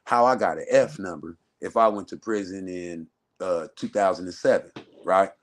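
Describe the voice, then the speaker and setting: A man from Southern California, a guest telling a story in a casual, profane, animated way and acting out other people's voices. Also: deep voice, normal speed. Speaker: interview guest.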